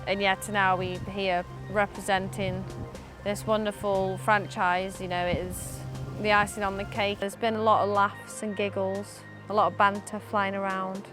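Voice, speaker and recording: An upbeat woman talks freely in an interview, laughing easily between answers. Her voice sits at an ordinary middle pitch, and a clear music bed runs underneath her. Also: flat delivery, unhurried. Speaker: professional cricketer. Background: background music.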